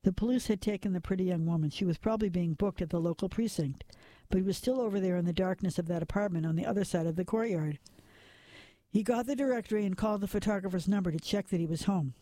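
High mellow man narrating noir. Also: dry recording. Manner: measured, drops to a whisper at tense moments.

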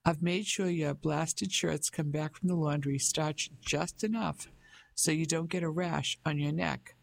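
A man's voice: on the high side, fairly even intonation, a little slow, creaky. A man reading a proud, cold English wife. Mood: aggrieved. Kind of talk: audiobook character voice.

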